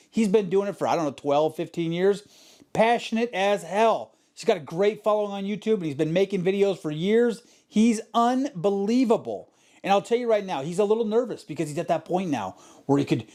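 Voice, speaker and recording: A man's voice: high-pitched, a little mellow. A man hosting a podcast in a motivational monologue, emphatic and profane, driving points home by repeating himself. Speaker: podcast host.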